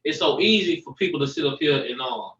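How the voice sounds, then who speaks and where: A father and guest on a podcast, telling stories in an animated, casual way and acting out what people said. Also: fairly high pitch, quick pace, distant mic. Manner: animated, storytelling, acts out quotes. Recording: dull, echoey, from off-mic.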